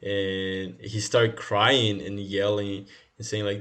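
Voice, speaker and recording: A man in loose, casual podcast talk with a low-pitched voice. He rambles through long stories, swears freely and laughs often. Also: flat delivery, slow, fairly bright tone. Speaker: podcast co-host. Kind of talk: casual chat.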